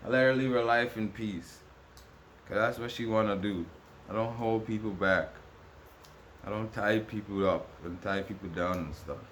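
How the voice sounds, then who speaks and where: A man's voice: on the low side, normal speed, a bit bright, slight background noise. A man vlogging to camera in a rambling, repetitive, aggrieved rant with many restarts. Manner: ranting, aggrieved. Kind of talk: casual monologue to camera.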